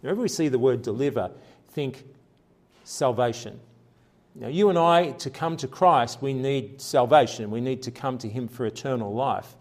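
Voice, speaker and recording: A man preaching a sermon in an earnest, conversational way, rising for emphasis and dropping soft for quiet passages. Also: mid-range voice, moderate pace. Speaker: pastor.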